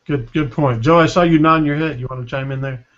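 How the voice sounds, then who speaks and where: A man's voice: a little high, fast, muffled recording. A man hosting a podcast panel in casual chat, full of fillers and restarts, handing the floor to guests. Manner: hesitant, many fillers, friendly moderating. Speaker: podcast host.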